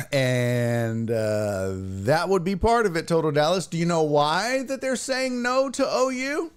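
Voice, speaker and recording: A man hosting a casual live-streamed sports talk show from Texas, reading viewer comments aloud and teasing rival fans in a loose, animated way. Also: a little high, a little slow, clean tone.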